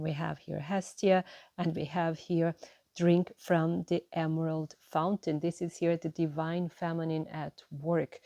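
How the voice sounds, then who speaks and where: A woman giving a gentle, encouraging tarot reading to her viewers, often checking in with "right?" and "you know". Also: lowish voice, vocal fry, no room sound. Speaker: tarot reader.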